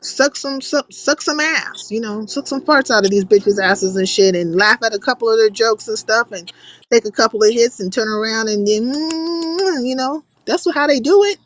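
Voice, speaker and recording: A woman's voice: fairly high pitch, a little fast. Blunt, foul-mouthed woman hosting a livestream. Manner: blunt, profane, reads out chat comments. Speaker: livestream host. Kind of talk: casual livestream chat.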